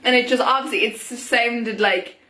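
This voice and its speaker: A young woman talking casually to camera in an opinion vlog, chatty and animated, full of "like" and "oh my god". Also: a little high, fairly quick, echoey room. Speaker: vlogger.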